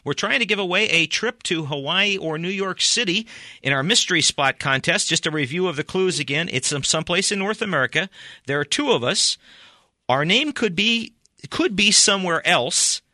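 A man's voice: on the high side, lively intonation, a little fast, bright, forceful tone, no echo, clean studio sound. A man co-hosting a radio travel show, running a call-in contest in a playful, upbeat way.

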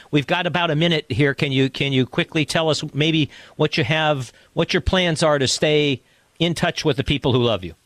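A man's voice: on the high side, fairly bright tone, no echo. A male radio host with a slightly raised voice leads the chat, circling back and restarting his questions as he goes. His studio mic sounds close and completely dry, with no room around it. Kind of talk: radio interview.

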